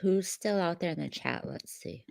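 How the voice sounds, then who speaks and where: A woman hosts a live stream, reading the chat and teasing her guests with a laugh. Her voice is fairly low for a woman. It sounds dry and close. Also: wildly swooping pitch, moderate pace, creaky, darkish tone, no room sound. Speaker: stream host. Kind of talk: casual chat.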